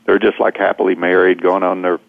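Male guest speaker, low gravelly voice, rambling storyteller, tinny phone line. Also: level tone, fairly quick, no room sound. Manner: rambling, repeats words, many fillers. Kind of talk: storytelling in conversation.

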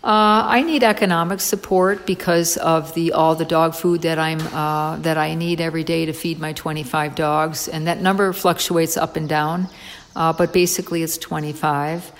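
A woman guest in an interview, telling her story in a lively, excitable way with frequent fillers. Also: low voice, normal speed, long reverb tail. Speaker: interview guest, dog rescuer.

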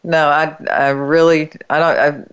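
A woman's voice: low voice, little pitch movement, measured pace, clean tone, dull audio. A woman co-hosting a radio talk show, speaking earnestly and stressing her points. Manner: earnest, emphatic, repeating words. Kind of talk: casual radio discussion.

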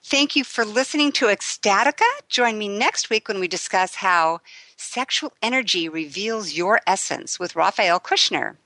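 A woman hosting a talk radio show, chatting casually with her guests and quick to laugh. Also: mid-range voice, lively intonation, sharp tone, no echo. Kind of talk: casual interview chat.

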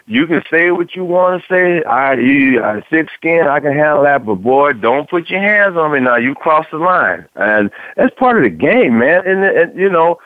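A man's voice: fairly high pitch, big pitch swings, no echo. A man co-hosting a casual sports talk radio show, a former player speaking conversationally and often tagging lines with "man.". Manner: conversational, drawn-out, repeats "man". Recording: dry, tinny phone-like radio sound.

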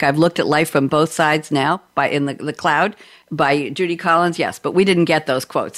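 Chatty woman hosting a podcast. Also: lowish voice. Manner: chatty, lively and often amused. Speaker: podcast host. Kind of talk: interviewing guests over video call.

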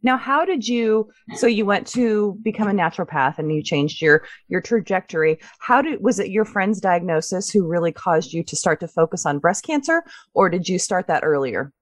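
A woman's voice: lowish voice, expressive, normal speed, hardly any pauses, no echo. A woman hosting an interview, asking questions and affirming her guest. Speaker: podcast host. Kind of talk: conversational interview.

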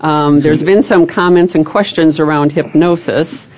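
A woman guest coach explaining ideas on a talk show, measured and explanatory, with frequent fillers. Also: sits low, fairly even intonation, a little mellow. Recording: dull lo-fi radio sound.

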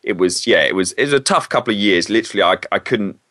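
A man's voice: on the low side, expressive, quick pace, pushed and bright, dry recording, clean studio sound. A man, a former PE teacher, talks candidly and hesitantly in a casual interview. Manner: candid, hesitant, self-correcting.

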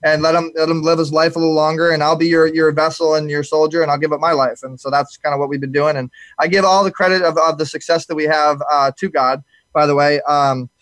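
A man's voice: fairly high pitch, steady tone, quick pace, a bit bright, no room sound. A man hosting a live talk show, chatting casually and rambling with many restarts.

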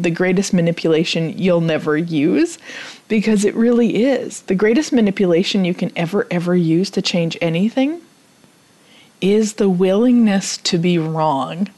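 A woman coaching listeners through a spoken self-help talk. She repeats clearing chants quickly and drops to a soft near-whisper on some phrases. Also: on the low side.

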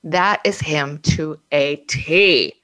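Woman voicing a quiet, resigned sister. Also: low-pitched, takes it slowly, voice pushed down. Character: weary, resigned woman, the dead man's sister.

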